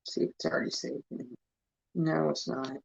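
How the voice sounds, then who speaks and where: Low-pitched with vocal fry, a livestream host speaks at normal speed in a steady tone. Her casual chat is blunt and peppered with profanity, aimed in irritation at her moderators, over dull lo-fi audio.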